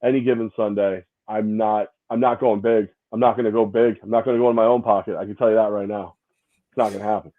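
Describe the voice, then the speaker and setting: A man's voice: on the low side, little pitch movement, fast. A man co-hosting a casual sports podcast, rambling and repeating his words in a self-mocking way. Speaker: co-host. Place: home, separate location due to snow. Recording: tinny phone-like line.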